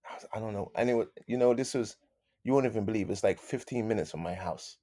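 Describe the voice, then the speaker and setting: Low-voiced guy chatting as a guest, loose and animated, keeps repeating himself and saying man, dry close sound. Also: fast talker, no room sound. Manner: animated, repeats phrases, says "man" a lot. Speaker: guest musician. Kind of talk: casual interview storytelling.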